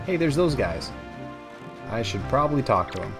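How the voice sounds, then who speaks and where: A man's voice: mid-range voice, very animated, normal speed, over music. A young man hosting a let's play, chatting in a rambling, self-mocking way with many fillers. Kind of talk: gameplay commentary.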